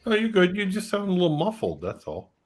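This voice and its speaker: A man's voice: sits high, huge pitch swings, a little fast. A man in a casual group call, teasing a friend with hesitant phrasing. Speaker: podcast participant.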